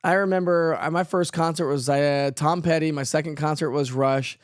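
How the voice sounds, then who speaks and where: Chatty weather host. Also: male voice, a little high, steady tone, normal speed, clear, resonant tone, no echo, studio quality. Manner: chatty, reads viewer comments aloud and answers them; frequent fillers and laughs. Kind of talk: casual live-stream chat.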